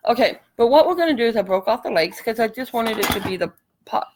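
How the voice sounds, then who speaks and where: A woman's voice: on the high side, animated, fast talker, noisy background. A middle-aged woman hosting a casual craft tutorial livestream, chatty and apologetic, a bit out of breath and coughing from allergies. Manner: chatty, apologetic, laughs easily.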